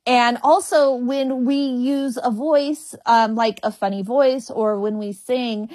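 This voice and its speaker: A woman's voice: fairly high pitch, fairly even intonation, takes it slowly, darkish tone, dry recording. A woman comedian speaking frankly and humorously in an interview, stuttering and repeating the first sounds of words. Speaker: comedian guest. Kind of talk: candid interview conversation.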